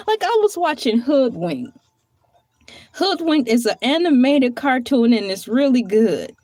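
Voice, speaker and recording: A woman's voice: high voice, big pitch swings, a little slow, warm tone, dry recording, studio quality. A woman hosting a casual livestream, chatty and playful, who laughs often and drifts from one topic to the next. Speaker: livestream host.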